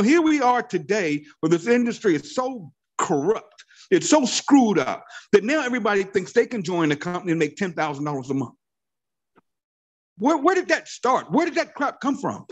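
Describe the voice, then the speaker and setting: Man, fifties, high voice, very lively intonation, fervent preachy team-leader pep talk, repeats phrases. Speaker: network marketing team leader. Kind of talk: motivational training call talk.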